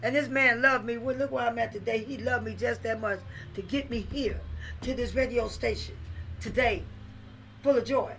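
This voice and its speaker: Woman, radio Bible teacher, emphatic, preacherly, gravelly, bright, faint background noise. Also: on the high side, moderate pace, rough recording. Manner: emphatic, call-and-response, repeats phrases, preacherly. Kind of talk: lively Christian radio Bible study. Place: radio station studio.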